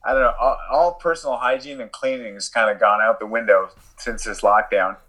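A man's voice: medium pitch, steady tone, fairly quick, sharp tone, poor audio. A man being interviewed as a guest, chatting casually, laughing often and joking about himself. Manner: laughs often, self-deprecating. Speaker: guest, endurance athlete.

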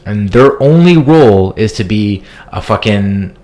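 A man's voice: on the low side, animated, a little slow, a little mellow. A man in his thirties telling a long, rambling, profane story as a podcast co-host. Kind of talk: casual storytelling chat.

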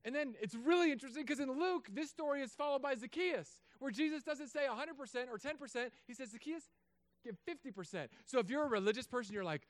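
A man, a pastor, preaching a sermon in a casual joking way, moving between quiet asides and loud emphatic stretches. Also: very high-pitched, fairly quick, dry recording. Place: church.

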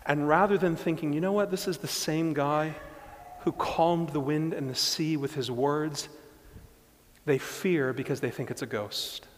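A male pastor delivering a sermon in a fairly high voice. He swings between hushed, searching reflection and loud, emphatic preaching, and his words ring out with a long hall reverb behind them. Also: steady tone, unhurried.

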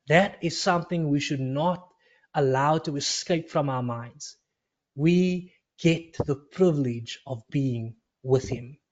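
Earnest preacher man, dull lo-fi sound. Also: a little high. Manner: earnest, storytelling, repeats phrases for emphasis. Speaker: pastor. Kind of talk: sermon.

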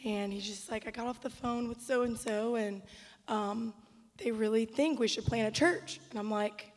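A woman's voice: on the high side, fairly even intonation, moderate pace. A woman, a pastor's wife, telling a story conversationally as she chimes in beside her husband. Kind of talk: casual storytelling on stage. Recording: reverberant hall.

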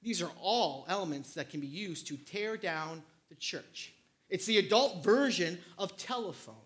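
Man, pastor, sermon, bright tone, animated, repeats words. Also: high voice, measured pace. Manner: animated, acts out family scenes, repeats words.

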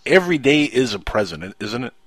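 A man's voice: mid-range voice, very animated, brisk, a crowd in the background. A man hosting a live talk radio show, speaking casually with many fillers and restarts.

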